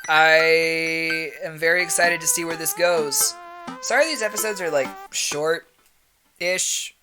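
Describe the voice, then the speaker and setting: Female let's-play host, low-pitched, playful reading of game text. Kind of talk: casual let's play narration. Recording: loud game music behind.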